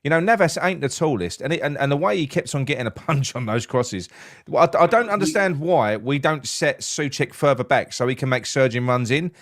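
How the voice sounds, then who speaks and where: A man's voice: medium pitch, animated, a little fast, fairly bright tone, no room sound, clean studio sound. A man hosting a live football phone-in, talking casually with stammered restarts and swearing.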